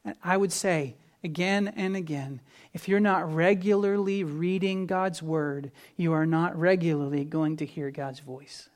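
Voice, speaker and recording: A man preaching a sermon in an earnest way, building to emphatic peaks and then dropping low and quiet. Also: a little slow. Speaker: pastor.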